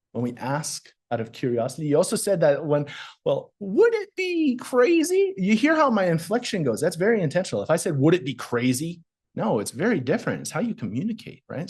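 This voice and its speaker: A man guesting on a podcast as a performance coach, talking in an energetic, emphatic, motivational way. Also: medium pitch. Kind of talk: casual conversational interview.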